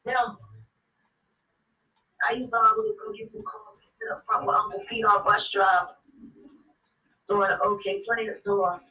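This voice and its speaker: A woman guest on a podcast, telling a story in a blunt, animated way and swearing constantly. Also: medium pitch, a little slow, pauses often, distant mic, low-quality recording. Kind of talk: profane storytelling.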